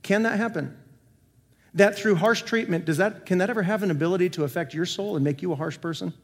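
Higher-voiced male pastor, earnest sermon delivery, reverberant church sound. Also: quick pace. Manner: earnest preaching with rhetorical questions, swinging between emphatic and soft. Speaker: senior pastor. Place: church sanctuary. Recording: long hall reverb.

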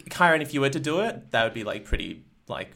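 A man's voice: mid-range voice, sing-song, quick pace, vocal fry, fairly bright tone, exaggerated voice. A man voicing a laid-back male sea witch who runs a candle shop, in improvised comedy. He rambles and fills every sentence with "like.". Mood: chatty. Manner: rambling, full of "like" fillers.

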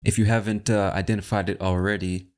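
Very deep-voiced, chatty male podcast host. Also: level tone, quick pace, a little mellow. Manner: chatty, addresses the listener as "my friend". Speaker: host of an English-learning show. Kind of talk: casual podcast talk.

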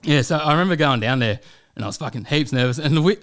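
Brief: young Australian man, quick casual storyteller, heavy swearing. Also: a little high, a bit bright. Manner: rambling, swears a lot, acts out quotes. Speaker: guest comedian. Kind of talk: casual podcast chat.

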